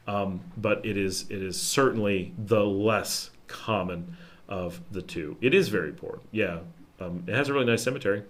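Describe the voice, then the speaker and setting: A man from the United States hosting a live Q&A stream, talking in a rambling, conversational way, with many fillers and restarts, and his voice trails low at the ends of phrases. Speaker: livestream host answering viewer questions. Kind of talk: casual live Q&A chat.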